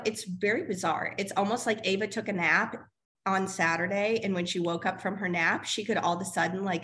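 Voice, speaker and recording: A woman's voice: mid-range voice, fairly bright tone, a little hiss or hum. A woman in her thirties co-hosting a parenting podcast, chatting casually with lots of fillers and laughs. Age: 30s. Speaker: podcast co-host. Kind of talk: casual chat.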